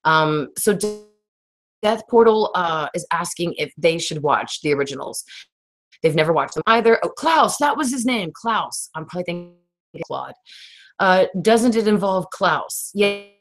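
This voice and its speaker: Woman host, 30s, raspy today; loose chatty livestream delivery, lower pitch. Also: lively intonation, a little slow. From Texas. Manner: rambling, laughs often, reads viewer comments. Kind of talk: casual livestream chat.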